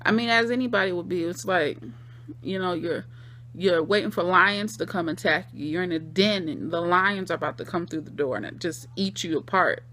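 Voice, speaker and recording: A woman's voice: fairly low pitch, moderate pace, bright, forceful tone, slight background noise. A woman casually recapping and reacting to a TV episode, in a slangy, conversational way, with emphatic repeated phrases. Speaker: TV episode reviewer.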